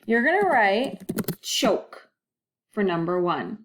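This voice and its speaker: A woman teacher giving a recorded phonics lesson, slow and deliberate, stretching out the model words and praising often. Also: mid-range voice, big pitch swings, slight background noise. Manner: encouraging, sing-song classroom delivery.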